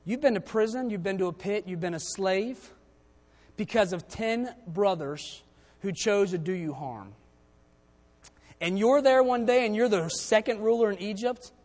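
Male preacher, fairly high voice, church sermon mixing scripture reading with plain talk, long hall echo. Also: expressive, normal speed, darkish tone. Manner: reads King James verses aloud, then explains them conversationally.

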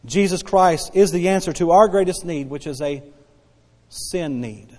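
A man in his forties preaches to a congregation, repeating phrases for emphasis and slowing down to draw out scripture. His voice sits high for a man. The church hall gives every line a long, ringing echo. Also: a little mellow. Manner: repeats key phrases for emphasis, drawls Bible quotes slowly. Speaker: pastor. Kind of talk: sermon.

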